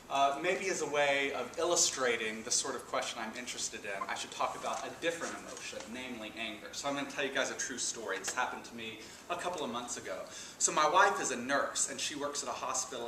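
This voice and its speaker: A man giving an introductory philosophy lecture, telling a personal story with lively, animated emphasis. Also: medium pitch, far from the mic, a little hiss or hum. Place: lecture room. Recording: echoey room, speaker off-mic.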